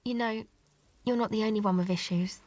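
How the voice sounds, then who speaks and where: A woman's voice: medium pitch, fairly quick, darkish tone, close to an everyday voice. An actress voicing a sullen young woman in a video game, blunt and offhand.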